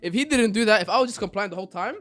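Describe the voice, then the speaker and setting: A man, a podcast co-host, chatting casually and telling an animated story with acted-out voices. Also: high voice, rapid-fire, soft background music. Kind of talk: casual chat.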